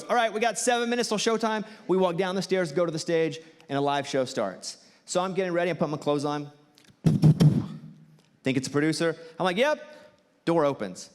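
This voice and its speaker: A man with a Southern US accent doing stand-up storytelling for a theater crowd, animated and jumping high when he acts out quotes. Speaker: comedian and host. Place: theater stage. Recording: live theater with long reverb and faint ambience.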